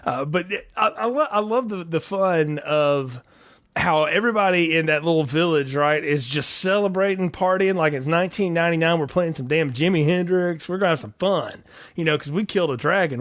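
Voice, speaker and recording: Animated joking American man, higher voice. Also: moderate pace. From United States. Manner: animated, joking, acts out quotes. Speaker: podcast co-host. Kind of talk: casual movie-review chat.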